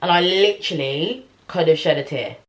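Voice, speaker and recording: Low-voiced young woman. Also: moderate pace, lo-fi sound. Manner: animated, chatty, heavy with slang and fillers. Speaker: vlogger. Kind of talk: casual storytelling to camera.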